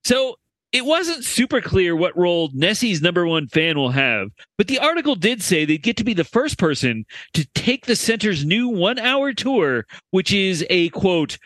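Bright, lively male podcast host. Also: high-pitched, dry recording. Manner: animated, reads quotes from an article. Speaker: podcast co-host reading the news story. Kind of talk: casual comedic chat.

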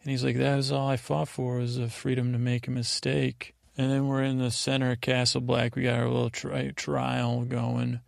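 A man's voice: mid-range voice, monotone, normal speed, gravelly, few pauses, dry recording, clean studio sound. A man hosting a sleep podcast, casually retelling TV scenes in a meandering, drowsy way. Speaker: podcast host. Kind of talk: rambling sleep podcast recap.

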